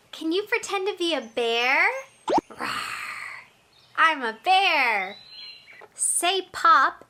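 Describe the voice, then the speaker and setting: A young adult woman teaching toddlers through play, talking in a slow, exaggerated, encouraging sing-song. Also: extremely high pitch, pushed and bright. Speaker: early-childhood teacher.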